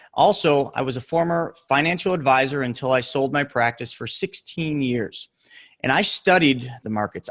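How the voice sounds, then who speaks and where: A middle-aged man giving an earnest motivational talk, telling a story with emphatic pauses. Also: on the high side, fairly bright tone. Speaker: real estate investor and coach.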